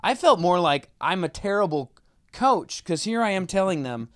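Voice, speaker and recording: A man's voice: sits high, moderate pace, no room sound, clean studio sound. A man co-hosting a casual podcast chat, telling stories animatedly and acting out quotes. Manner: animated storyteller, acts out quotes. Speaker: podcast co-host, tour roadie.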